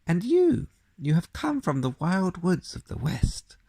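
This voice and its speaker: A man's voice: sits high, huge pitch swings, unhurried, dark tone, husky, dry recording, voice pushed up, exaggerated voice. A man voicing a polite, nervous male faun who speaks courteously and exclaims easily, in a storybook reading. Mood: fussy polite.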